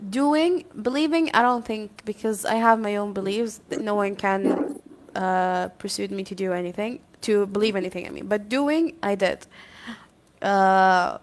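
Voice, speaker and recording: A woman guest on a live chat, telling a story in a lively way, acting out the quotes and laughing often. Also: mid-range voice, unhurried. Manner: animated, acts out quoted dialogue, laughs often.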